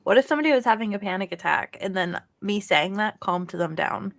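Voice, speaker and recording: A woman's voice: medium pitch, expressive, a little fast, gravelly, fairly bright tone. Chatty woman podcast co-host. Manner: chatty, laughs often, trails off searching for names. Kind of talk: casual chat.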